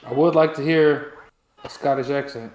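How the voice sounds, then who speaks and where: An American man co-hosting a casual sports watch-along, laid-back and quick to laugh, saying bro and man. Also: medium pitch, darkish tone, echoey room, low-quality recording. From United States. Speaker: co-host.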